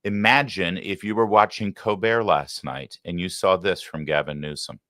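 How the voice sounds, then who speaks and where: A man with a very low voice hosts a live political talk show, sarcastic and combative and quick to get heated. His voice sits close and dry on the mic, with no room sound around it. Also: pushed and bright, no room sound.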